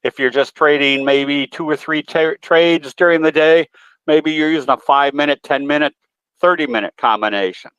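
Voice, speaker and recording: A man's voice: fairly high pitch, normal speed, a bit bright, smooth, no room sound. Folksy rambling man on a dull line. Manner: folksy, rambling, many filler ums and uhs. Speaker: guest presenter, trading educator. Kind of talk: webinar talk with a folksy anecdote.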